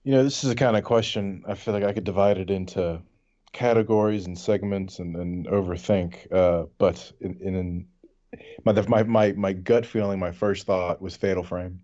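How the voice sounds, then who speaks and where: A man's voice: low-pitched, fairly even intonation, moderate pace, mellow. A man co-hosting a podcast, chatting casually in an earnest, laid-back way. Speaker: podcast co-host. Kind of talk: casual chat. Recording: slightly dull lo-fi audio.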